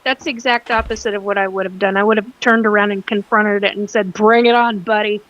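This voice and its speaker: A woman's voice: mid-range voice, fairly even intonation, fast, fairly bright tone, muffled recording. A woman co-hosting a casual chat, blunt and joking.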